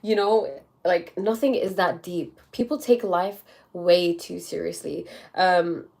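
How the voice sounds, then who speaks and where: A young woman with a blocked nose, chatting casually on a livestream, with lots of likes and quick acted-out quotes. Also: on the low side, creaky, a little mellow. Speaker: livestream host.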